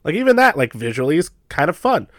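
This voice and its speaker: A young man co-hosting a podcast, talking in an animated, casual way and laughing often. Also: a little high, fast, no room sound, clean studio sound. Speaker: podcast co-host. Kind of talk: casual chat.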